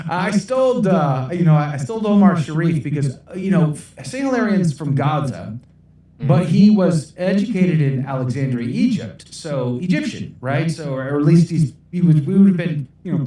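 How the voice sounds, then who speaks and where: A man's voice: a little high, dark tone, heavy reverb, distant mic. A middle-aged American man answering livestream questions in a rambling, self-deprecating way, laughing often. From United States. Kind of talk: casual livestream Q&A.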